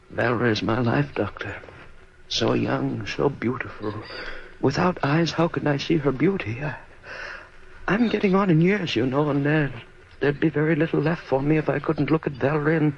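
Gravelly older man, anxious. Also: mid-range voice, a little slow, pauses often. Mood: tender. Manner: emotional, pleading, easily frightened. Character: aging man, newly sighted, anxious and superstitious. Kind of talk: old-time radio drama. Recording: dull old radio recording with faint hiss.

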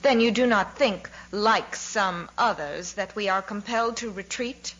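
A woman's voice: medium pitch, unhurried, a bit bright, dull audio. A woman reading aloud, voicing an emotional, stubborn old male commander who bursts out in choked indignation. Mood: calm. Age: over 60.

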